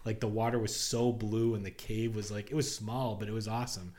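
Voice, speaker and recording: A man's voice: fairly low pitch, fairly even intonation, brisk, darkish tone. A man co-hosting a podcast, chatting casually and often restarting his sentences mid-thought. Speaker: podcast co-host. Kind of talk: casual chat.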